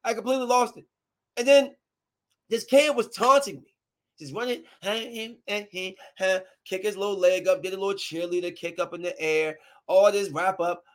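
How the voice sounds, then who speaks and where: A woman's voice: medium pitch, fairly quick. A woman in her thirties, a parent, telling a heated personal story straight to her viewers in an emphatic, slangy rant.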